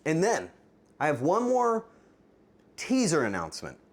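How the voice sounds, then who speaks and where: A man's voice: fairly high pitch, huge pitch swings, unhurried, gravelly. A man hosting a live cooking stream, chatting with viewers in a playful, teasing way. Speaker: streamer, cooking show host.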